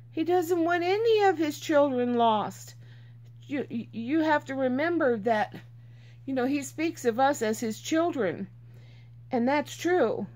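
A woman's voice: high-pitched, darkish tone. A woman reading Bible verses aloud and teaching from them in an earnest, informal way, repeating herself for emphasis.

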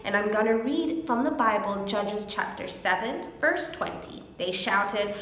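A woman teaching a church lesson, telling a Bible story and reading scripture in a slow, animated manner. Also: mid-range voice. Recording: echoey hall with faint background noise.

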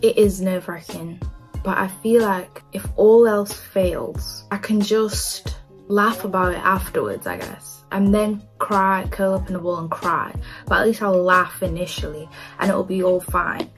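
A woman's voice: mid-range voice, a little slow, faint music behind. A young woman chatting to her phone camera in a casual vlog, bubbly and giggly. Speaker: singer vlogging her first gig.

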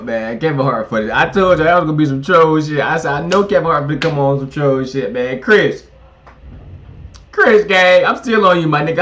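Excitable young man laughing through slang. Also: a little high, highs cut off. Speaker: reaction video host. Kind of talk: casual reaction commentary.

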